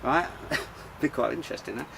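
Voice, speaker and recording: Chatting about beer outside on a sunny day, a man rambles through his casual show with many fillers and restarts. His fairly high voice is creaky and a bit bright, at a normal speed. The audio is poor, with slight hiss or hum.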